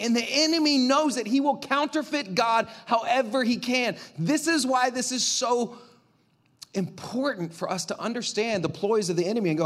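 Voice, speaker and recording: A male pastor preaching a sermon in an animated, conversational way, swinging from loud to quiet. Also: very high voice, moderate pace.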